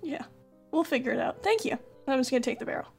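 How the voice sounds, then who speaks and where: A woman playing a tabletop game, brisk and no-nonsense as she moves things along. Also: high voice, animated, vocal fry, darkish tone, faint music behind. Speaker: player. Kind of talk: casual tabletop play.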